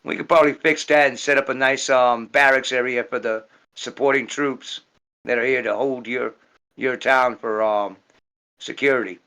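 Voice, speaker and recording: A man's voice: mid-range voice, fairly even intonation, moderate pace, sharp tone, clean tone, rough recording. A man speaking in character at a tabletop game, rambling and tagging "right?" onto most sentences. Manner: rambling, repeats "right?" constantly. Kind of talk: in-character role-play speech.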